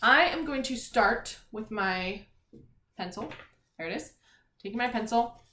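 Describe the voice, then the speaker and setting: Slow, patient woman teaching little kids. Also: fairly high pitch, expressive, pushed and bright, a little hiss or hum. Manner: slow, clear, encouraging teacher talk to young children. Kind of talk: early-grades phonics lesson. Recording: echoey room.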